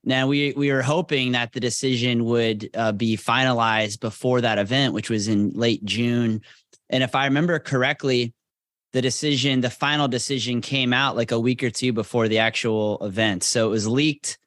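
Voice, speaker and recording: A man's voice: medium pitch, steady tone, normal speed, fairly bright tone, no echo. Man speaking in a dry, close sound. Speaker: guest, attorney and radio host. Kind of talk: casual talk.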